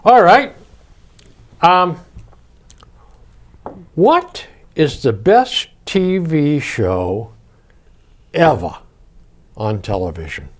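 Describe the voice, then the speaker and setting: An older man hosting a casual chat, telling jokey stories in an animated way. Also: on the high side, very slow, long pauses. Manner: animated, joking storyteller. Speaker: host.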